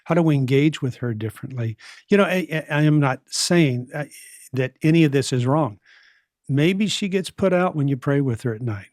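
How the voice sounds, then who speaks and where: A man's voice: on the high side, lively intonation, moderate pace, a little mellow, dry recording, studio quality. Earnest man giving parenting advice. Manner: earnest, direct, asks pointed questions. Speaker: parenting counselor, guest. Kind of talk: advice in a podcast conversation.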